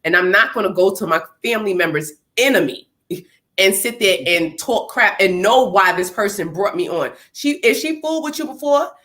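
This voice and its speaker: A woman co-hosting a casual chat show, talking in an animated, opinionated way and sometimes slipping into playful quoted voices. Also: mid-range voice, normal speed. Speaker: co-host.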